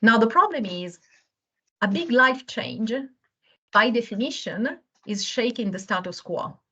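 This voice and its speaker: A woman's voice: fairly high pitch, animated, unhurried, fairly bright tone, breathy edge, dull audio. A woman who is not a native English speaker, a guest on a webinar, explaining earnestly from home and searching for words now and then. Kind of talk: explanatory talk. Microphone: video call.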